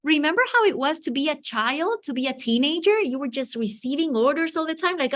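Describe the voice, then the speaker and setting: A woman teacher trainer presenting an online workshop over a video call, lively and animated, acting out children's voices. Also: sits high, brisk, few pauses.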